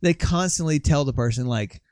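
A man hosts a casual podcast with a voice that sits fairly high for a man. He talks loosely, swears freely and laughs often. The sound is dry and close, with no room around it. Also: animated, moderate pace, a little mellow, dry recording. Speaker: podcast host. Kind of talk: casual chat, reading out quotes.

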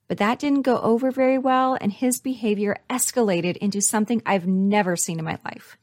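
A woman's voice: mid-range voice, brisk, darkish tone, no room sound. Candid woman recounting, dry close sound. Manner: candid, emotional retelling with blunt swearing and quoted asides. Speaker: interviewee. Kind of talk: personal account in an interview.

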